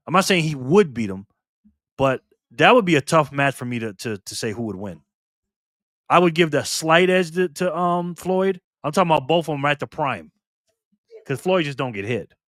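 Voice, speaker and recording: A man's voice: medium pitch, a bit bright, no room sound, studio quality. A man hosting a casual live stream, chatting loosely with viewers by name and repeating himself.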